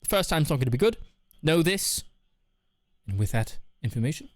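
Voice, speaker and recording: A man's voice: fairly high pitch, big pitch swings, normal speed, pauses often, no room sound. A man streaming live, chatting casually and candidly with his viewers while reading their messages, laughing often. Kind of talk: casual chat.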